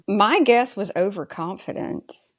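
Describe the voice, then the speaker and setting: A woman's voice: medium pitch, expressive, a little slow, fairly bright tone. A woman co-hosting a podcast, chatting casually and with strong opinions as she recaps a TV episode and asks her co-host's views. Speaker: podcast co-host.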